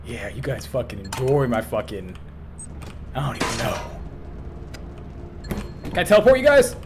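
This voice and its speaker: A man swearing loudly and bantering as he plays a game with friends, yelping when startled. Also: mid-range voice, huge pitch swings, moderate pace, background noise. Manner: loud, swearing, jumps into yelps when startled. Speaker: gamer streaming with friends. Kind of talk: casual gaming banter.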